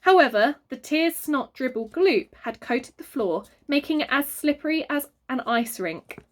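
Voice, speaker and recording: A woman reading a children's book aloud, very expressive and adding sound effects. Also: high-pitched, measured pace. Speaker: reader. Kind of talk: storybook read-aloud for children.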